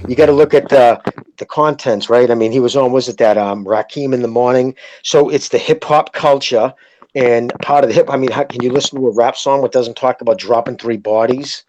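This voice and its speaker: A man's voice: medium pitch, brisk, a little mellow, dull audio. A man co-hosting a casual boxing podcast, talking in an emphatic, rambling, profane way. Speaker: podcast co-host.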